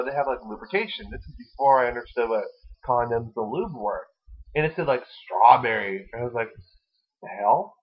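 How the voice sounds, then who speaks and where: A young man hosting a casual podcast, rambling and giggling as he talks crudely. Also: mid-range voice. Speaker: podcast host. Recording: lo-fi dull recording.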